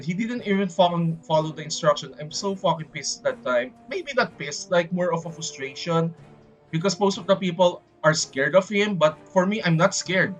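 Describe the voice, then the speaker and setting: A man's voice: on the high side, moderate pace, muffled recording. Profane male streamer. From Philippines. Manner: profane, rambling, frustrated ranting. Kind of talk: casual livestream chat. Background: background music.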